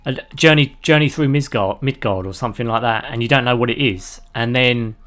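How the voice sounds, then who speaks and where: A man's voice: medium pitch, fairly quick, a bit bright. A man giving casual live-stream commentary while playing a video game, rambling and chatty as he talks to his viewers. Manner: laughs easily at his own jokes.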